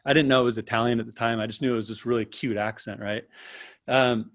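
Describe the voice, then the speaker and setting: A man as an interview guest, telling a personal story in a lively, casual way and often tagging his sentences with "right?". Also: medium pitch, fast. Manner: animated, tags sentences with "right?".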